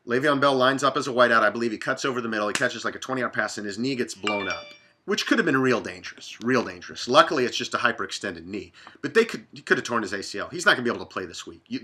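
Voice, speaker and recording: A man's voice: medium pitch, expressive, fast, pushed and bright, slightly rough. A man from Dallas hosting a casual sports betting talk, blunt and profane, rambling from one game to the next. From Dallas, Texas.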